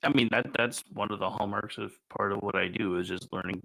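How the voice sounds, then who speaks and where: A man's voice: fairly low pitch, fairly even intonation, brisk, gravelly, pushed and bright, dry recording, low-quality recording. A man co-hosting a casual radio chat show in a studio, teasing his co-host playfully. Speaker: radio co-host, ordained minister.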